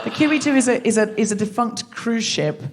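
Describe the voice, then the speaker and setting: A woman's voice: a little high, brisk, background noise. Bantering woman hosting a live comedy show. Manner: bantering, laughs often. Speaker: podcast host. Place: London theatre stage before an audience.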